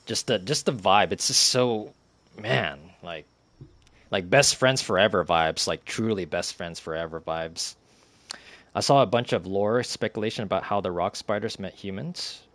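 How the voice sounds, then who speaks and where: A man's voice: lowish voice, normal speed, fairly bright tone, no echo. A young man streaming a game and chatting casually, rambling with lots of fillers, restarts and giggles.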